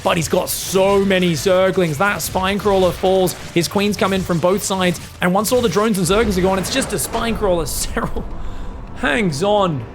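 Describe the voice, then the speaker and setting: An Australian man giving excited, casual, jokey esports commentary, sometimes swearing. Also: high voice, moderate pace, hardly any pauses, music in the background. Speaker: esports caster.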